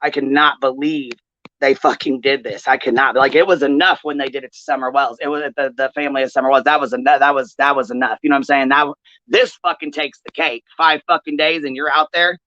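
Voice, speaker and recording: A woman rants furiously on a livestream, swearing constantly in a sharp, forceful voice. Her audio sounds dull and lo-fi, very dry and close. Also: a bass voice, fairly even intonation, fairly quick, dry recording. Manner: profane, heated ranting. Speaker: livestream commentary host. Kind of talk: angry livestream commentary.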